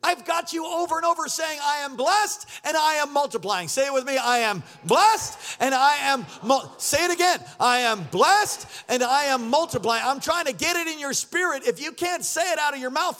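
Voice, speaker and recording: Pastor guy w a really high voice, loud fired-up sermon, gets the crowd to say stuff back. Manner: energetic, shouting, call-and-response with congregation. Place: church sanctuary.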